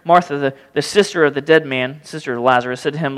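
A man's voice: a little high, fast, hardly any pauses, clear, resonant tone, long reverb tail. A man preaching a sermon, reading scripture and acting out the pleading voices of the people in it. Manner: animated, acts out pleading voices. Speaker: pastor.

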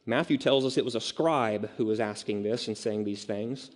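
A man's voice: on the low side, normal speed. A man preaching a sermon in a conversational way, with self-mocking asides and acted-out quotes. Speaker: pastor. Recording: long reverb of a large hall.

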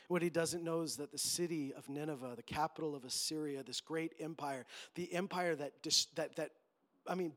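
Male pastor, high-pitched, fervent sermon delivery, acts out quotes. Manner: impassioned, emphatic preaching with acted-out quotes.

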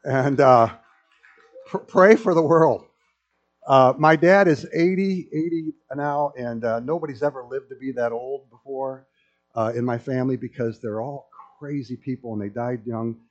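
Through a dull lo-fi recording, a middle-aged pastor with a mid-range voice speaks at normal speed, preaching a sermon full of humorous, animated stories for his congregation.

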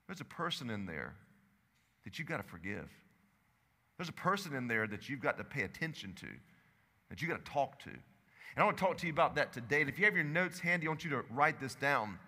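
A man preaching a sermon as pastor, swinging between loud urgent stretches and low hushed lines. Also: in a large hall. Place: church sanctuary.

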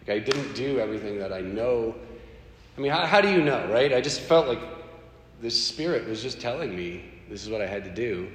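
A man sharing a personal faith story in an animated, conversational way. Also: medium pitch, brisk. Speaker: speaker sharing a personal testimony. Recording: echoey hall with faint background noise.

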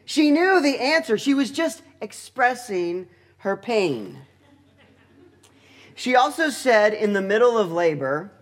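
A man teaching through a Bible passage in a deliberate, explanatory way, with touches of dry humor. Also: high voice, very animated.

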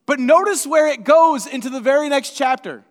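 High-voiced pastor preaching in a reverberant church. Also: male voice, moderate pace. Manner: conversational preaching that swings between hushed and emphatic. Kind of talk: sermon. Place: church sanctuary. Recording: long reverb of a church sanctuary.

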